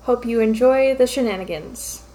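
Woman narrating fan fiction, fairly high voice. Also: moderate pace, dark tone, rough recording.

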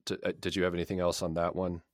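A man's voice: low voice, little pitch movement, very fast, dry recording, studio quality. A man co-hosting a podcast and chatting casually about a book, rambling and repeating words as he thinks. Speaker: podcast co-host.

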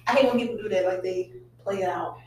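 A woman's voice: mid-range voice, quick pace, mellow. A woman in her twenties co-hosting a podcast in casual chat, telling stories animatedly and laughing through them. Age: 20s. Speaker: podcast co-host. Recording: echoey room with faint hiss.

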